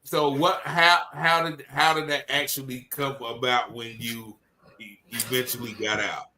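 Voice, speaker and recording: A man's voice: mid-range voice, fairly even intonation, a little slow, pushed and bright, a little hiss or hum, poor audio. A man interviewing a guest in a casual way, often restarting his questions.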